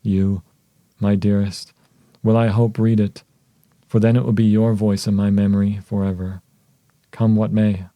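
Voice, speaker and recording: A man voicing a devoted young wife in an audiobook, soft and measured, with a very mellow, low voice. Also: flat delivery, dry recording, lightly acted. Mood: solemn tender.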